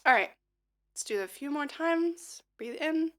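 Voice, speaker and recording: A hoarse woman singer and livestreamer chatting casually and leading a vocal warm-up, rambling with lots of fillers and little laughs. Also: high voice, expressive, moderate pace. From United States.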